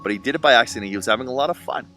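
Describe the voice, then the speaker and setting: A man's voice: mid-range voice, racing, bright, forceful tone, faint music behind. A young man earnestly reflecting on being a single dad, in a spiritual self-help tone. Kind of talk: reflective personal vlog monologue.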